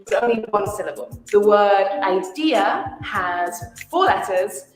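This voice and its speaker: A woman narrating a scripted pronunciation lesson in a lively voice that swoops up on stressed words. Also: mid-range voice, unhurried. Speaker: pronunciation teacher in a video. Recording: echoey room with music behind.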